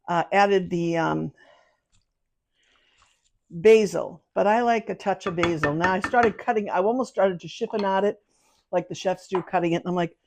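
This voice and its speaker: A woman's voice: lowish voice, moderate pace, gravelly, pauses often, a little mellow. A middle-aged woman hosting a home cooking video, chatting casually about a family pasta dish and laughing easily.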